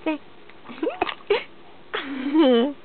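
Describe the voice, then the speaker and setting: A woman's voice: high-pitched, very animated, very slow. Sing-song mother cooing in baby talk. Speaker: mother filming her baby. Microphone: handheld home video camera. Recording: tinny lo-fi home video with hiss.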